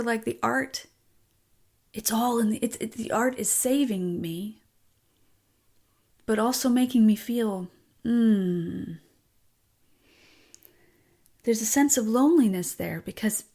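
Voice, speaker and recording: A woman songwriter and author in a candid personal conversation, talking frankly and emotionally, swearing, with halting restarts. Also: on the high side, darkish tone.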